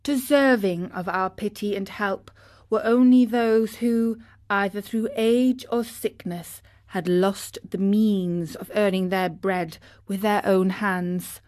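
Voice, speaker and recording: A woman narrating a storybook for children with a clear, expressive reading. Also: medium pitch, slow pace, dry recording, clean studio sound.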